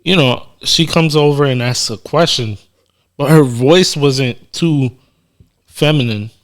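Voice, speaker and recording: A man co-hosting a podcast in casual chat, relaxed and teasing as he tells stories. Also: medium pitch, slow. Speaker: podcast co-host.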